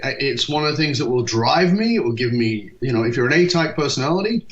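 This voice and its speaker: A man in his fifties from England, a leadership speaker telling stories in an interview and acting out quoted dialogue. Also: medium pitch. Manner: lively, acts out quoted dialogue, quick asides. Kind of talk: storytelling interview talk. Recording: dull lo-fi podcast recording.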